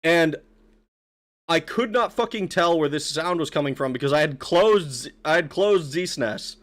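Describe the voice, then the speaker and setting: A man's voice: fairly high pitch, animated, normal speed, fairly bright tone. A man streaming a video game who talks casually, swears often and laughs a lot. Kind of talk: let's play commentary.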